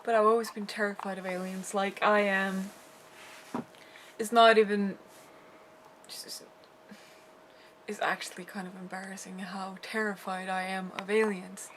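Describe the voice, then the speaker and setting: A woman's voice: mid-range voice, little pitch movement, unhurried, long pauses, background noise. A young woman chatting casually about a film and chiming in as a co-viewer. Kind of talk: casual chat.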